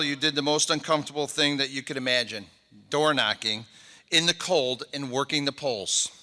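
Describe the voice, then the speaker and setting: A man's voice: medium pitch, pushed and bright. A middle-aged man, a mayor, giving a heartfelt and emotional inauguration speech, thanking people one by one. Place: large convention hall. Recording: echoey convention hall.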